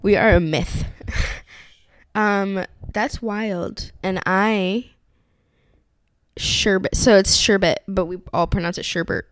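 A woman's voice: mid-range voice, slow pace, pauses often, no room sound. A young woman co-hosting a casual podcast chat, laughing often, swearing freely and teasing her co-host. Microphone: studio mic.

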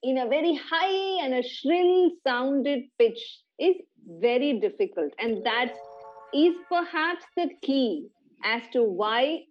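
A woman's voice: sits high, expressive, slow pace, highs cut off. A middle-aged woman hosting a podcast, patiently explaining science in casual chat with a child and laughing often. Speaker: podcast host.

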